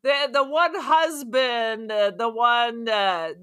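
A woman's voice: fairly high pitch, fairly bright tone, smooth. A woman co-hosting a podcast, trading sarcastic quips in a casual chat about a horror movie. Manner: playful, sarcastic, quick quips. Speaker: podcast co-host.

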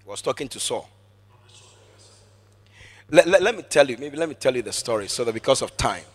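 A man preaching a sermon emphatically, repeating phrases for emphasis and swinging from hushed asides to shouted exclamations. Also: mid-range voice, expressive, a little fast.

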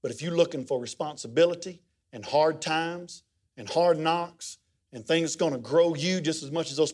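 A middle-aged man, preaching a sermon as a pastor in a folksy, conversational storytelling way. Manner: folksy, conversational storytelling with lively pitch swings.

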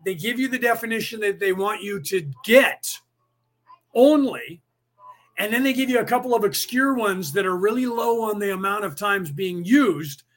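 High-voiced man rambling conspiratorially. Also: normal speed, a bit bright. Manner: rambling, conspiratorial, addresses listeners directly. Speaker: podcast host. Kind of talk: casual live-stream monologue.

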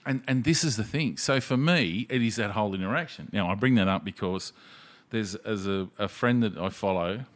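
Sweary man, low voice, chatty. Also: normal speed, few pauses. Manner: sweary, animated storyteller who acts out quotes. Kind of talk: casual chat.

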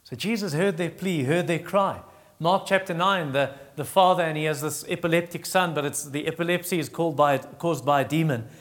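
Preacher, male, fairly high voice, acts out Bible voices, halting restarts. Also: big-room sound. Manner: acts out Bible voices in a raised pitch, quiet and slow on comfort; halting restarts while teaching. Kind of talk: sermon.

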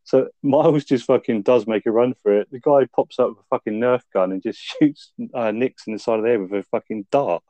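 A man's voice: mid-range voice, a little fast, hardly any pauses, mellow, dry recording. A man casually retelling film scenes on a review podcast, swearing freely and laughing as he goes. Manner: laid-back, swears a lot, laughs while retelling scenes. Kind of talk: casual chat, recapping a film.

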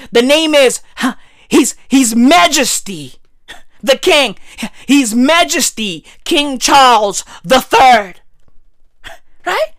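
A woman, delivering a profane comic rant full of "bruv" and "right?", her voice swinging high and low. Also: very animated, slow pace, a bit bright, no room sound, clean studio sound. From South Africa.

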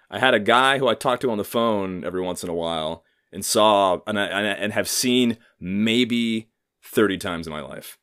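His voice is lowish and fairly bright, moving at a moderate pace. He's a man in his thirties on his own casual podcast, cursing freely, wandering off topic, and making himself the butt of his jokes.

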